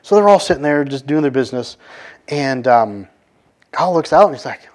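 A man talking through an ancient scripture story in a relaxed, conversational way. He peppers it with fillers and quick voiced quotes from the characters, at a middling pitch. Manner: conversational, many fillers, acts out quoted lines. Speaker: bible teacher. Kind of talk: casual storytelling of a scripture passage.

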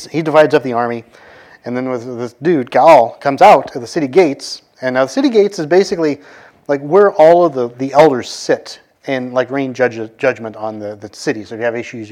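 A man's voice: mid-range voice, fairly quick, a little mellow. Casual man retelling a scripture story. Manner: conversational, many fillers, acts out quoted lines. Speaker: bible teacher.

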